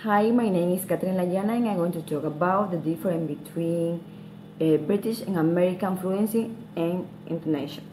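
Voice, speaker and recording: Female student presenter, Spanish native, halting delivery with many fillers, faint background noise. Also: lowish voice, dark tone, rough recording. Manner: hesitant, with many fillers and restarts. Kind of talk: class presentation.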